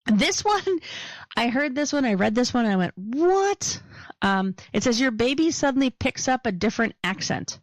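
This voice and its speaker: A woman's voice: fairly high pitch, brisk, few pauses, dry recording. A woman with a Philadelphia accent, a podcast co-host chatting casually and joking as she goes. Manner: chatty, joking, laughs often. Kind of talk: casual chat.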